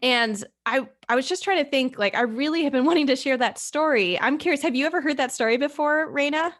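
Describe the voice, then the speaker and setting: A woman hosting a podcast interview, telling a story in a casual, animated way with many fillers. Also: sits high, a little fast. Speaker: podcast host.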